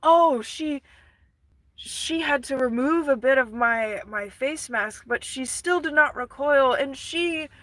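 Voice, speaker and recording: A woman's voice: high-pitched, slow, a bit bright, no echo, pitched above the performer's own voice. A woman voicing a lovesick, melodramatic masked man who swoons and gasps that he is dying of love. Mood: swooning. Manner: swooning, gasping, repetitive.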